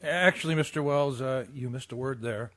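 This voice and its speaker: A man's voice: mid-range voice, normal speed, fairly bright tone, natural voice. A man playing a timid male director in a recording session, hesitant and stammering with frequent uhs. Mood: nervous.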